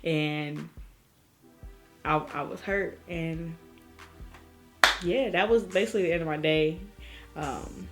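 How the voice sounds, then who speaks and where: A woman's voice: low-pitched, slow, long pauses, music in the background. A young woman, telling a story in a casual vlog and acting out the people in it. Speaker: vlogger.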